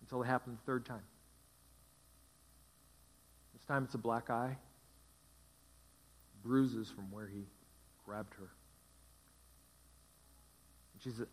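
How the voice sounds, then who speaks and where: A male pastor preaching a sermon, repeating key phrases with emphatic, dramatic pauses. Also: mid-range voice, steady tone, big-room sound.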